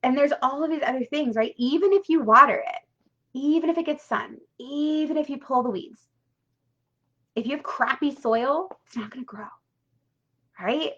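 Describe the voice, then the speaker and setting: Woman, money coach on a live stream; slightly high, talkative, punchy and emphatic, swears casually; muffled lo-fi stream sound. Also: normal speed, a bit bright. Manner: chatty and emphatic, with frequent "right?" and casual swearing. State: tearful at times. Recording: dull lo-fi live-stream audio.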